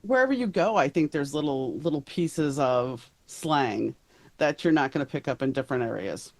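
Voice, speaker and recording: A woman's voice: low-pitched, expressive, normal speed, a little mellow. A woman from New Orleans hosting a podcast, chatting casually and rambling, often trailing off mid-sentence. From New Orleans, USA. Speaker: podcast host. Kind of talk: casual interview chat.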